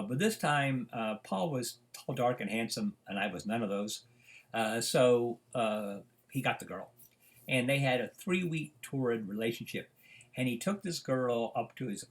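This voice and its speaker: An older man, a professor, giving a recorded lecture that rambles through personal stories with many pauses and fillers. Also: medium pitch.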